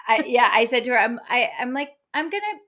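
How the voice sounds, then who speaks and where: A woman's voice: fairly high pitch, fairly even intonation, fast, fairly bright tone. A woman who is a guest medium, chatting cheerfully with many filler words and frequent laughs. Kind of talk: casual interview chat.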